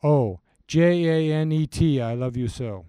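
An earnest young fellow speaking love lyrics as plain verse, as a man reads him in his own mellow voice. The sound is dry and close, with no room around it. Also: fairly high pitch, unhurried, smooth, no room sound, lightly acted. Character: earnest young male groom-to-be.

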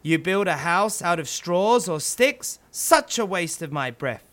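A man's voice: sits high, animated, a little slow. A man voicing a blustering, boastful wolf in a storybook tale. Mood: weary. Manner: blustering, loud. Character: boastful big bad male wolf. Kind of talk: storybook character voice.

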